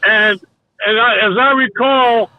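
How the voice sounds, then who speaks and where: Older man as a guest storyteller. High voice, dry and tinny like a phone line. Rambling anecdotes full of restarts and quoted dialogue. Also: fairly even intonation, unhurried, no echo. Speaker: guest, former baseball coach. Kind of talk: casual storytelling.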